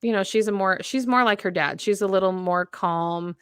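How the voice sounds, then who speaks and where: A woman in her thirties, a radio host, chatting as a podcast guest and telling stories with lively, expressive delivery. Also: medium pitch, moderate pace, clear, resonant tone, dry recording, clean studio sound. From United States. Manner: animated storyteller, acts out voices. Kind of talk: casual chat.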